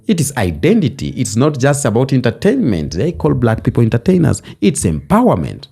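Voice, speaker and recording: A man's voice: medium pitch, huge pitch swings, fairly quick, vocal fry, few pauses, mellow, slightly rough. A man delivering a passionate vlog monologue, emphatic, building his points with repeated phrases in a preaching cadence. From Kenya. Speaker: vlogger. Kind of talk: passionate social commentary monologue.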